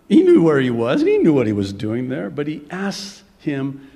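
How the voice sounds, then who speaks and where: A man preaching a sermon in an animated way, dropping to a whisper for dramatic effect. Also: fairly high pitch, takes it slowly, vocal fry, big-room sound. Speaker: pastor.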